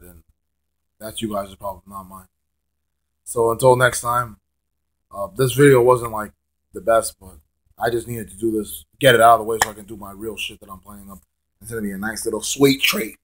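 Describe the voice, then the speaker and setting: Hoarse young man ranting. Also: on the low side, steady tone, brisk, a bit bright. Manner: stammering, repeats words, profane and blunt. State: hoarse, lost his voice. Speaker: wrestling fan vlogger. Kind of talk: casual ranting monologue.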